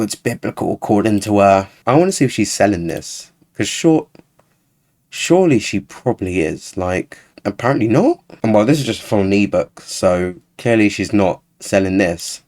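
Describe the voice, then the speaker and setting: A man talks through a reaction video in a casual, sarcastic way. His voice sits a little low and he sounds openly exasperated. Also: animated, normal speed, darkish tone. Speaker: YouTuber.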